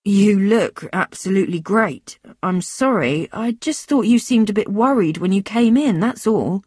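A woman voicing a gentle, concerned man. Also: mid-range voice, animated, unhurried, husky, dry recording, studio quality.

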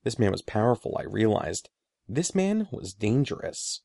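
A man narrating a children's story with expressive storytelling on a close mic. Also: on the low side, normal speed, gravelly, dry recording. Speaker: audiobook narrator. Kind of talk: scripted narration.

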